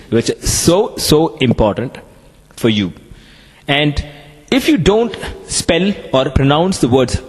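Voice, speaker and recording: A man with an Indian English accent, giving a classroom lecture on communication skills in an animated way. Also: mid-range voice, breathy edge, long reverb tail.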